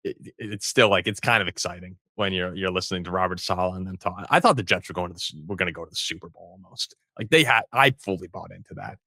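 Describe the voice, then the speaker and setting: A man's voice: sits low, fast talker, hardly any pauses, sharp tone, no room sound, studio quality. A man hosting a sports show, talking football in a casual, rambling way with frequent restarts.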